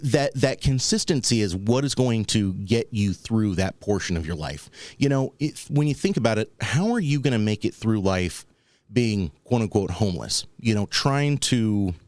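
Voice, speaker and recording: The dry recording captures a man whose voice sits on the low side with a darkish tone, hosting a podcast talk show. His casual comedic storytelling is wry and meandering, and he voices the characters he quotes.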